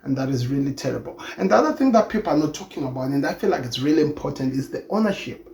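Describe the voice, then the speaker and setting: A man's voice: mid-range voice, lively intonation, quick pace, creaky, a little mellow. A man giving his opinion on football in an earnest, emphatic way, often repeating himself as he hosts his own channel. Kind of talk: opinion commentary monologue. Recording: echoey room with faint ambient noise.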